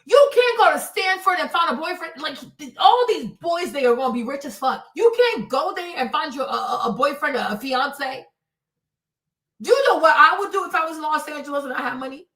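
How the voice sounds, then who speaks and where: A woman hosting a stream, ranting in an animated, exasperated way, swearing freely and sometimes breaking into shouts. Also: sits high, brisk, far from the mic. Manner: bursts into shouts. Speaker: host. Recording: echoey room, off the mic.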